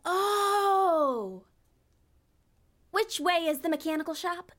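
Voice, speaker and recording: A woman's voice: sits high, animated, moderate pace, fairly bright tone. A woman voicing an eager, naive young female housekeeping elf, earnest and literal-minded, in a family radio-play style. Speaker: elf heroine.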